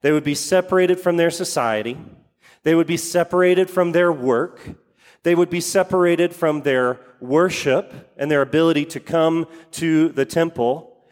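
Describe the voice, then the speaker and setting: A man's voice: on the high side, normal speed, in a large hall. A man preaching a sermon, repeating key phrases for emphasis and putting questions to his congregation. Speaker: pastor.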